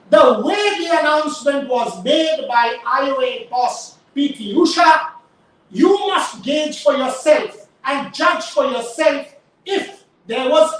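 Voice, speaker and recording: A woman host giving impassioned live commentary, emphatic and rhetorical, firing pointed questions. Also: sits high. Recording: very echoey, distant mic.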